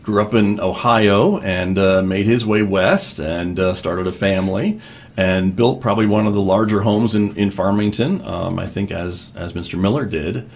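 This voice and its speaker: A man's voice: deep voice, steady tone, normal speed, a little mellow. A man hosting a casual interview, chatty with many fillers. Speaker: radio host.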